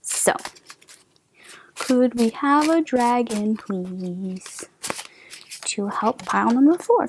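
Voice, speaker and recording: A woman giving a gentle tarot reading, talking softly with hesitant restarts and frequent drops into a whisper. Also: a little high, lively intonation, drawn-out words, pauses often, dry recording. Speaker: tarot reader.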